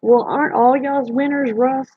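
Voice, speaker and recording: A woman's voice: high voice, fairly even intonation, moderate pace, breathy edge. A woman hosting a casual late-night livestream, chatting with viewers in a folksy, teasing way. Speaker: livestream host. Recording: dry, dull lo-fi stream audio.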